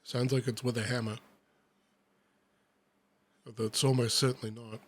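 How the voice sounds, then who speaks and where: A man's voice: medium pitch, level tone, unhurried. A man in his thirties reading a picture book aloud, breaking off into rambling, sweary, self-deprecating asides. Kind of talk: casual reading aloud with commentary.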